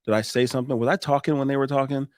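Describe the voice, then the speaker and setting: A man guesting on a podcast, talking in a lively coaching way with frequent restarts and laughs. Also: medium pitch, very fast, no room sound, clean studio sound. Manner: animated, coaching tone, laughs often, restarts sentences. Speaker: podcast guest, roofing business owner. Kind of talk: casual podcast chat.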